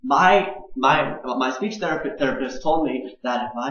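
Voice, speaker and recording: A man's voice: mid-range voice, normal speed, fairly bright tone. A young man in his twenties speaks in a personal video blog, stuttering often and repeating words and syllables. His delivery is earnest and grows more intense as he goes on. The sound is echoey and dull, like a home recording in a bare room. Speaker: video blogger.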